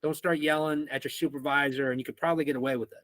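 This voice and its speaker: A young man from Missouri telling a rowdy school story as a podcast guest, animated and swearing freely. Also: fairly high pitch, racing, no room sound. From Missouri, United States. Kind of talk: casual storytelling.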